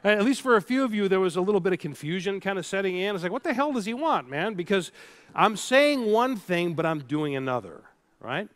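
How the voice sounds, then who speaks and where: Middle-aged guy on stage doing a keynote, kinda high voice, animated, tells stories and gets the crowd involved. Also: fairly quick. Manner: storytelling, animated, addresses the crowd directly. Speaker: keynote speaker. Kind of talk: keynote speech to a live audience. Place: large hall with live audience.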